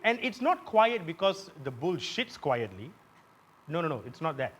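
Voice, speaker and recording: A man with a Malaysian English accent performing a satirical comedy monologue as host on a live theatre stage, punchy and given to shouting his punchlines. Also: fairly high pitch, big pitch swings, moderate pace. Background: audience laughter.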